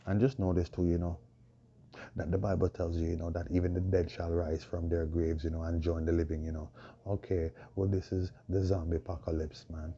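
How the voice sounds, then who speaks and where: Hoarse deep-voiced preaching man, tinged. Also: flat delivery, a little fast, mellow. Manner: proclaiming, repetitive, rhetorical questions. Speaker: self-styled preacher. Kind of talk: preaching monologue. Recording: dull lo-fi recording with faint noise.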